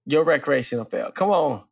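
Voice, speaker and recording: A man's voice: a little high, moderate pace, creaky, husky, dry recording. A man co-hosting a podcast in casual conversation, telling a personal story with frequent laughs and his voice jumping up when he quotes himself. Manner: animated storyteller, laughs often, voice jumps up when quoting. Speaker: podcast co-host.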